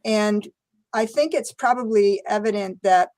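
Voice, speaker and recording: A woman's voice: mid-range voice, unhurried, darkish tone. An older woman from the United States, a guest in an interview, reflecting and telling stories, laughing often and acting out quoted voices. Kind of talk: conversational interview storytelling.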